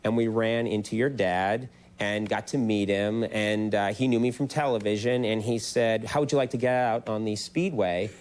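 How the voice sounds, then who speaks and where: A man hosting a late-night talk show, telling stories in an animated, self-mocking way and laughing often. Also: lowish voice, normal speed, hardly any pauses.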